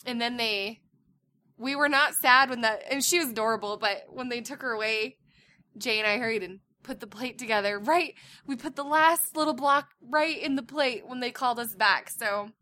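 Co-host mom, high bright voice, loud and lively storyteller in casual talk. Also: female voice, normal speed. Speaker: parent and co-host. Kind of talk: casual chat.

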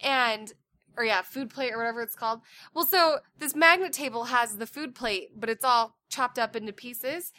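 Loud, bright-voiced mom telling stories. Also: female voice, on the high side, normal speed. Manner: loud, animated storyteller. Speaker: parent and co-host. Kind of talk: casual chat.

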